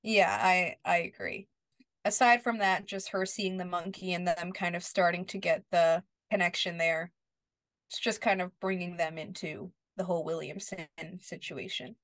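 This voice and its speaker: A woman's voice: on the low side, fairly even intonation, normal speed, fairly bright tone, no room sound. A woman co-hosting a podcast, casually recapping a TV episode and quoting the characters as she goes. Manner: retells scenes, quoting characters. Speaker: podcast co-host.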